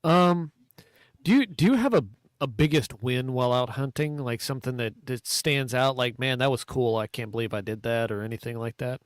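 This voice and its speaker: A man's voice: medium pitch, moderate pace, smooth, no echo. Rambling, hesitant podcast host, a man. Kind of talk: casual podcast chat.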